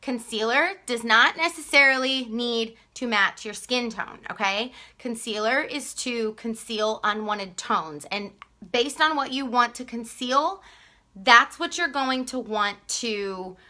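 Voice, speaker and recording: A woman with a Texan accent hosts a casual live-stream sales chat about mascara, her tone bright and forward. Her voice sits a little high, and she chatters along, laughing often and calling out viewers by name. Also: slow pace. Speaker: live-stream makeup seller.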